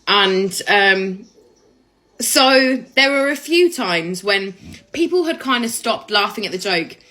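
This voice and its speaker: Sweary, lively woman vlogger. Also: mid-range voice, slow pace, low-quality recording. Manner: sweary, laughs loudly and often. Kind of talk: casual storytelling to camera.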